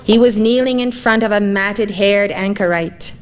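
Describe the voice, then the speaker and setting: Woman narrator for spiritual stories, calm and measured, middle pitch. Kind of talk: scripted spiritual story reading.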